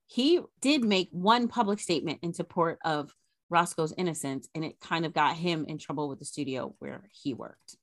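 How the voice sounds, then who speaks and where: Lady podcast host telling a true crime story, kinda low voice, dry close sound. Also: normal speed, dry recording. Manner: animated retelling of a scandal, chatty asides. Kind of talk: casual history storytelling.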